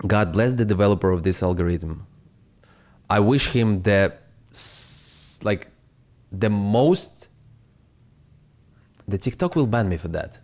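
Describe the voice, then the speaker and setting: A man from Ukraine with a Ukrainian accent, hosting a live crypto stream in excitable, swearing, broken English. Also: lowish voice, slow pace, long pauses.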